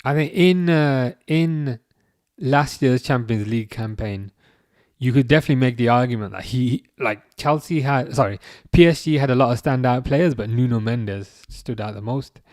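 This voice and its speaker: A man in his thirties hosting a live football watchalong, chatting casually and reading out comments, with a halting, restarting way of talking. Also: medium pitch, a little mellow, no room sound, clean studio sound. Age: 30s. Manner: halting, many restarts, chuckles often.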